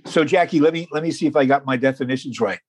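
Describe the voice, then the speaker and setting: A man hosts a talk show in a folksy, unhurried way, leaning on key words. His voice is husky and a little breathy. The sound is dry and close. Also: mid-range voice, a little mellow, no echo. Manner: folksy, deliberate, slows for emphasis. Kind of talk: hosting an interview show.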